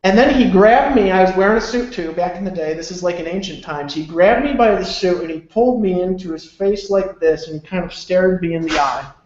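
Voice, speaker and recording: A man's voice: high voice, fairly quick, few pauses, darkish tone, roomy sound, muffled recording. A man presenting on a webinar, telling a motivational story in a loose, chatty way and often asking "right?" for agreement. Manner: loose and chatty with many fillers.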